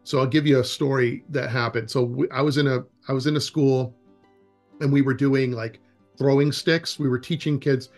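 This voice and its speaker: Interviewed about outdoor education, the executive director of a wilderness education program tells anecdotes in a medium-pitched voice at normal speed, with faint music behind. He's animated and loose, rambling with frequent restarts and acting out the quoted dialogue.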